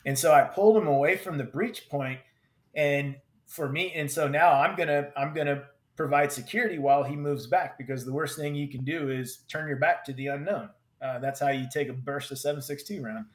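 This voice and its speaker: Veteran guy telling his story, stops and restarts a lot, kinda high voice. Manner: vivid, halting retelling with repeated restarts. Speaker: combat veteran. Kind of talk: personal story told in conversation. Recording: roomy echo.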